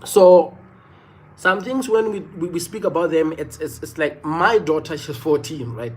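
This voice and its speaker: A man's voice: a little high, animated, normal speed. A man in his thirties with a South African accent, telling a personal story on a livestream in an earnest way, often repeating phrases. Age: 30s. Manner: earnest, repeats phrases, many "you know" fillers. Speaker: livestream host.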